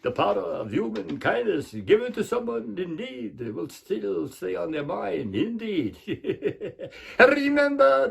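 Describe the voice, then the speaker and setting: Casting: a man impersonating a stately old vampire count, slow drawn-out delivery, husky. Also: sits high, dark tone, voice pushed up, heavily acted. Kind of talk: open mic impression, recited poem.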